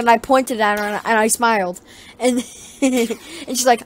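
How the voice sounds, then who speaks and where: A woman vlogger telling a story in a casual, rambling way, swearing often and getting animated. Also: on the high side, moderate pace, slight background noise.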